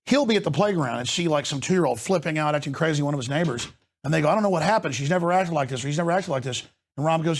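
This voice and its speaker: A man hosts a heated talk show, pressing his points with forceful emphasis. His voice sits a little high and carries a gravelly rasp. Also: lively intonation. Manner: forceful, emphatic, rapid-fire delivery. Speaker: host.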